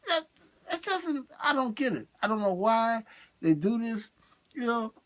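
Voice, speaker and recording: A man doing a comic monologue, swinging between high excited bursts and low muttered asides. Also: measured pace. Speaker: stand-up comedian.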